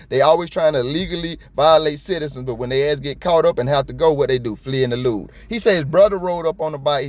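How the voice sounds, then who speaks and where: A middle-aged man from South Florida giving casual, blunt and profane commentary on a video, talking fast and stumbling over his words. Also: mid-range voice, dry recording. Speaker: copwatch commentator.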